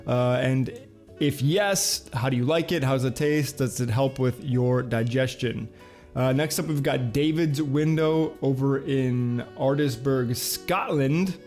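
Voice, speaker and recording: A man's voice: mid-range voice, unhurried, a little mellow, soft background music. A man hosting a casual video show, reading headlines and chatting with lots of filler uhs. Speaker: host.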